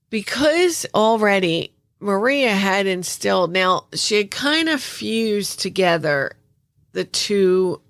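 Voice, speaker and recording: A woman's voice: fairly low pitch, gravelly, dry recording. A woman host telling a true life story in a chatty way, full of asides and restarts. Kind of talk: casual true-story narration.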